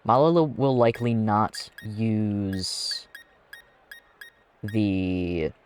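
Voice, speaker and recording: A man's voice: lowish voice, very slow, clean tone. A man streaming a video game, chatting casually and giggling as he works through his plans aloud. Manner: giggly, thinks aloud with restarts. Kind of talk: casual gameplay commentary.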